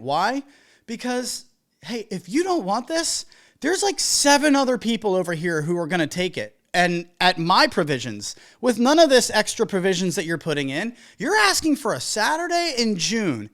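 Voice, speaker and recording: Animated wedding DJ podcast host with a lively, wide-ranging delivery who acts out the people in the stories. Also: medium pitch. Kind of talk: casual podcast monologue giving business advice.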